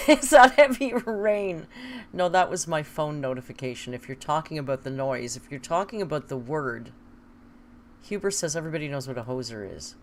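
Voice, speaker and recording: A woman's voice: rumbling low, brisk, a little hiss or hum. A woman hosting a casual live stream, joking, laughing often and swearing freely. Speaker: stream host.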